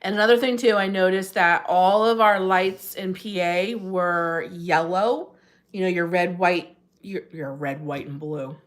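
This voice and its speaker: Reading viewer comments on a casual livestream from her New Jersey home, the host speaks a little slowly in a lowish, steady voice. She laughs a lot, and her pitch rises sharply each time she greets someone.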